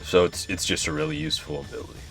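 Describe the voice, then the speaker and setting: A man's voice: extremely low pitch, flat delivery, very fast, fairly bright tone, soft background music. A young man giving laid-back gameplay commentary, swearing often, chuckling and sounding tired. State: yawning, tired. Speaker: gaming YouTuber.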